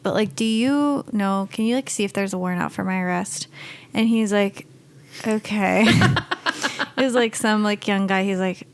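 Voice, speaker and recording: A woman's voice: medium pitch, moderate pace, smooth. Podcast co-host, woman in her twenties, casual storyteller, lots of fillers. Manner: animated storytelling with many fillers. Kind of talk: casual chat.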